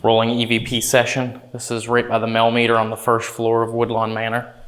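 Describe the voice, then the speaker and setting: A man's voice: mid-range voice, completely flat delivery, brisk, a bit bright. A male paranormal investigator indoors in an old manor at night, coaxing an unseen spirit to speak. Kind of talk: ghost-hunting vlog narration.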